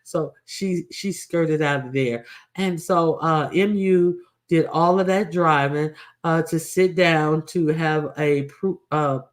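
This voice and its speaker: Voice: mid-range voice, slow. A commentator talking casually and bluntly, recounting events with many restarts and fillers.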